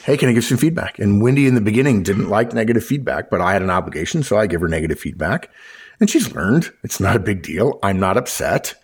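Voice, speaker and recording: Low husky guy talking shop on a podcast, plays out little dialogues with a chuckle. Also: sing-song, fast. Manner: acts out quoted dialogue with a chuckle. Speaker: podcast host. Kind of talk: conversational management advice.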